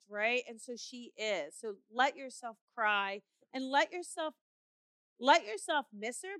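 A woman's voice: a little high, a bit bright, dry recording. A middle-aged woman hosting a call-in show as a psychic medium, reassuring callers and calling them honey. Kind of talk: call-in radio show reading.

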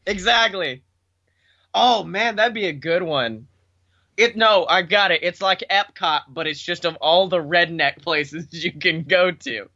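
A man co-hosting a casual comedic podcast chat, laughing often and riffing quickly on silly ideas. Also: high-pitched, pushed and bright, lo-fi sound. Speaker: podcast co-host.

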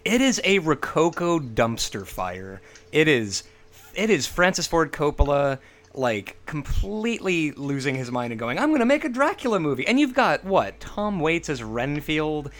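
A man's voice: a little high, very animated, a bit bright. Enthusiastic man in casual movie chat. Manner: enthusiastic, riffs with quick asides and silly quoted voices. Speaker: podcast co-host.

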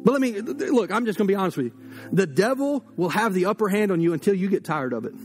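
Fired-up high-voiced preacher man. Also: lively intonation, quick pace, a little mellow, faint music behind. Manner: fiery, direct, conversational preaching. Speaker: pastor. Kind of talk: sermon.

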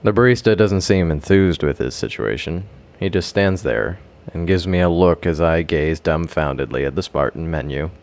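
A man telling a dramatic first-person story, with a deep voice that swings widely in pitch. He narrates theatrically, leaning into every turn of the tale. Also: moderate pace. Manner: theatrical, expressive.

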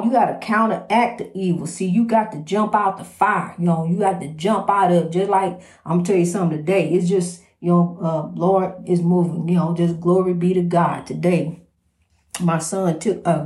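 A woman's voice: on the low side, steady tone, moderate pace, darkish tone. A woman hosting an inspirational program, talking spontaneously in a preachy, repetitive way and calling the listener "honey.". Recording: roomy echo.

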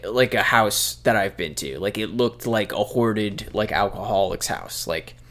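Easygoing male co-host, mid-pitched voice, relaxed conversational recap. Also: measured pace. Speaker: podcast co-host. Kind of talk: casual movie recap chat.

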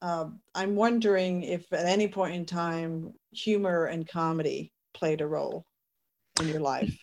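A woman interviewer asking measured questions, pausing on fillers as she talks. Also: on the low side, steady tone, darkish tone, slight background noise.

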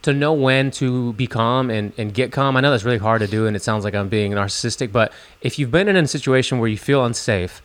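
A man's voice: medium pitch, brisk, hardly any pauses. A man co-hosting a podcast, earnestly telling stories and giving advice. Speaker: podcast co-host. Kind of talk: casual podcast chat.

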